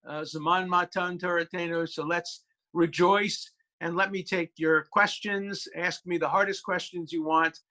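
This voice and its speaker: A man's voice: sits high, fairly even intonation, a little slow, bright, forceful tone. A male law professor speaking as a guest on a video call, emphatic and storytelling, with many hesitations.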